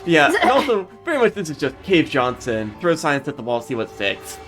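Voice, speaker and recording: A woman makes quick, chatty asides that pick apart the story, her voice swinging high and low. A faint wash of music runs under the talk. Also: sing-song. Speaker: podcast co-host. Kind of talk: casual podcast commentary.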